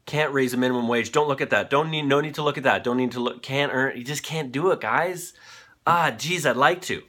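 A man's voice: mid-range voice, brisk, sharp tone, slightly rough. A man in his thirties hosting a comedic news commentary show, ranting with profanity while on cold medication. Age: 30s. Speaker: host.

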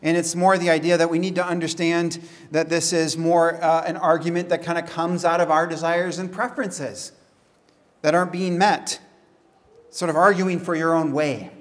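A man as pastor, preaching a casual, conversational sermon with chatty asides and quick laughs. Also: fairly high pitch, fairly even intonation.

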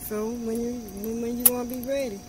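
A woman met on the street who answers in short, flat replies. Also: on the high side, fairly quick, slight background noise. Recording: quiet and distant from the mic, with night insects.

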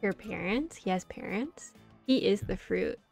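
A woman's voice: mid-range voice, expressive, unhurried, creaky, a little mellow, faint music behind. A young woman streaming a game, chatting playfully and crudely, often laughing at her own jokes. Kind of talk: casual gaming commentary.

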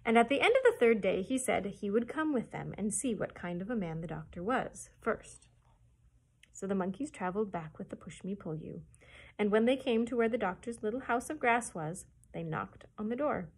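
A woman librarian reading a chapter book aloud to children with expressive storytelling. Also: medium pitch, moderate pace, slightly rough.

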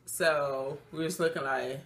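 Low-voiced woman. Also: unhurried. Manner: emotional, animated retelling with acted quotes; loose, chatty, many fillers. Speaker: vlogger. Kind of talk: casual storytime.

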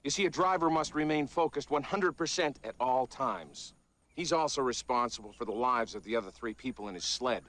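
A man's voice: mid-range voice, brisk, a bit bright, lightly acted. An actor playing a blunt, wry middle-aged male bobsled coach lecturing his team in a film. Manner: blunt, instructive. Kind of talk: film dialogue.

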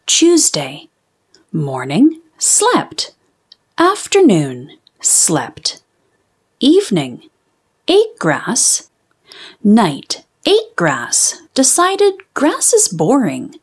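A woman's voice: fairly high pitch, extremely slow, breathy edge, full character voice. A woman reading as a sleepy, bossy wombat. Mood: dry, sleepy. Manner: deadpan diary entries, sleepy words whispered. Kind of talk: children's storybook reading.

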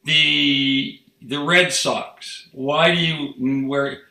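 A man's voice: on the high side, steady tone, drawn-out words, bright, forceful tone. A man hosting an interview, asking questions in a teasing, playful way. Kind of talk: casual interview conversation. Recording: echoey room.

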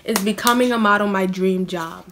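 A woman's voice: mid-range voice, normal speed, noisy background. A young woman, chatting in a casual question-and-answer vlog. She is self-mocking and scatters "like" through her talk. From New York City. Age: young adult. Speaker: vlogger.

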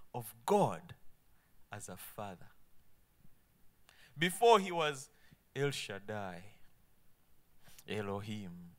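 A man preaching a sermon, quoting scripture emphatically and dropping to soft asides. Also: mid-range voice. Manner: emphatic, swinging between loud proclamation and soft asides.

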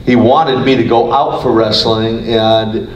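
A man's voice: medium pitch, steady tone, measured pace, muffled recording. A man, a former wrestler, talking casually in an interview, rambling with many restarts. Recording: roomy, distant mic, faint noise.

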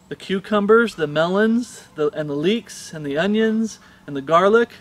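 A male pastor preaching a sermon with passion, reading scripture aloud and pressing the listeners with rhetorical questions. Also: a little high.

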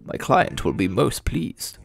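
A man's voice: medium pitch, big pitch swings, slow pace, creaky, soft background music, heavily acted. A man voicing a secretive go-between in a grand, theatrical manner with rhyming flourishes.

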